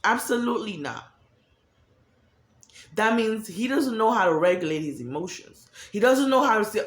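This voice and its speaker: A woman's voice: mid-range voice, lively intonation, moderate pace, long pauses. A woman giving a candid, profane monologue about emotions, acting out quoted voices as she talks. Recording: echoey room.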